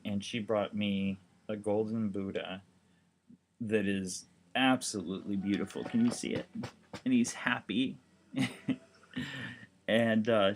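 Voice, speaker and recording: A man talking casually to the camera about his documentary crowdfunding campaign, rambling and candid, with lots of fillers and a wry edge. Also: mid-range voice.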